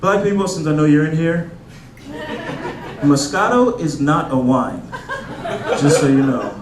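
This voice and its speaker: An unhurried man in his thirties, his voice on the high side, runs through a stand-up routine in a club. Loose and conversational with lots of fillers, especially "like," he acts out voices in quotes while the roomy room rings with crowd laughter.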